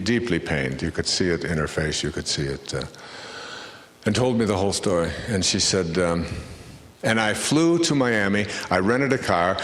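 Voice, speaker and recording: A man's voice: lowish voice, fairly bright tone. A man speaking to a live audience, telling a personal story in a conversational, anecdotal way and acting out the voices of the people in it. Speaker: motivational speaker. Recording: roomy lecture hall reverb.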